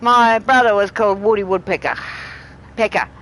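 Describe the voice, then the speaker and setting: A woman's voice: medium pitch, normal speed, fairly bright tone, slight background noise, poor audio. Chatty middle-aged Australian woman. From Tasmania, Australia. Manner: chatty, rambling, laughs often. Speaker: live streamer. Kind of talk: casual live-stream chat.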